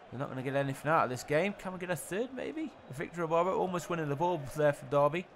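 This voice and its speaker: Young guy doing play-by-play on his own footy game, kinda high voice, faint hiss behind. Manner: mock sports-commentator delivery, jumps up excitedly at goals. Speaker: gaming YouTuber.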